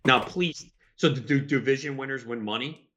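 A man in casual podcast chat, animated and argumentative. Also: mid-range voice, moderate pace.

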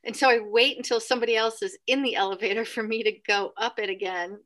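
Here a female podcast guest shares a ghost story in fast, casual chat. She peppers it with "like" and "right?" and brings it to life animatedly, voicing what people said in abrupt, high-pitched bursts.

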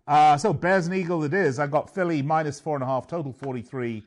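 A man's voice: on the high side, fairly quick. A man hosting a sports betting radio show, chatting and joking, sometimes tripping over names.

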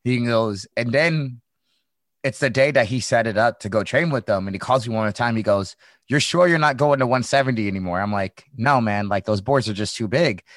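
A man's voice: fairly low pitch, normal speed, no echo. A young man from the Midwest, a former fighter hosting a casual chat, rambling through stories with swearing and laughter. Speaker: podcast host, former fighter.

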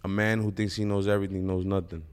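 A man's voice: low voice, level tone, quick pace, smooth. A young man chatting casually as a guest, laid-back and joking. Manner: laid-back, joking, says "you know" a lot. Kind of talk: casual interview chat.

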